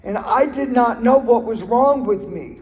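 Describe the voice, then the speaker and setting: Man, very high voice, earnest testimony, repeats phrases, long hall reverb. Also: a little slow, a little mellow. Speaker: speaker sharing his recovery story. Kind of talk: personal testimony talk.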